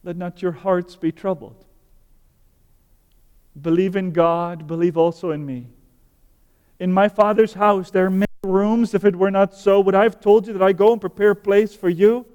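A preacher voicing a tender, comforting teacher. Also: male voice, high voice, steady tone, moderate pace, darkish tone, clear, resonant tone, big-room sound, dull audio, voice pushed up, natural voice. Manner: sweet, kind, comforting. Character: gentle, tender male teacher speaking to followers. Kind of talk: sermon scripture reading.

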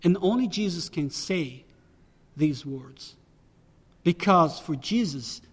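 A man's voice: on the high side, darkish tone, long reverb tail. A man preaching a sermon as a pastor, emphatic and repeating key phrases for weight.

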